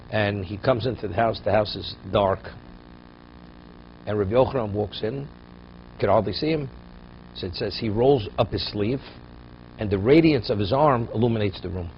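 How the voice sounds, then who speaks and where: A man's voice: lowish voice, a little hiss or hum. Man teaching a Torah class, lo-fi. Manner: storytelling, rising to emphatic peaks.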